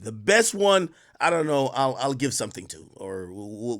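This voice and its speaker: Animated man streaming live reactions. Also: mid-range voice, normal speed, few pauses. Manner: animated, loud bursts of laughter and shouting, reads donations. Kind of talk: casual live-stream commentary.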